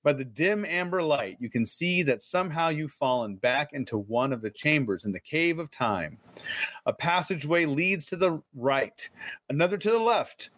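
A man's voice: on the high side, animated, moderate pace, fairly bright tone, no echo. A man co-hosting a live stream, reading an adventure book aloud with jokey, playful asides. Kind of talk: casual live-stream read-along.

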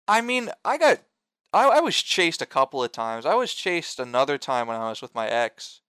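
Rambling profane young man, bright voice. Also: mid-range voice, big pitch swings, normal speed, clean tone, dry recording. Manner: rambling, profane, lots of fillers and restarts. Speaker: storyteller among friends. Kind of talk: casual chat.

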